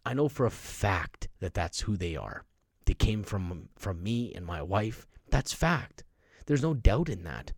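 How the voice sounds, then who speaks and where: A man's voice: lowish voice, sing-song, unhurried, dry recording, studio quality. A middle-aged man hosting a podcast, speaking emphatically in a motivational monologue and acting out the voices of people he quotes. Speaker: podcast host.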